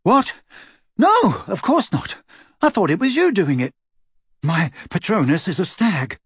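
A man's voice: sits high, huge pitch swings, unhurried, fairly bright tone, breathy edge, no room sound, clean studio sound, pitched above the performer's own voice, heavily acted. A man voicing Harry, a shaken, earnest teenage boy wizard asking urgent questions.

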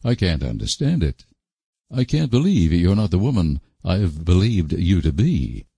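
A wounded young man answers with stiff, bitter formality, played by a man in his own low voice. The tone is dark and husky. It stays close and dry. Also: big pitch swings, unhurried, dry recording, exaggerated voice.

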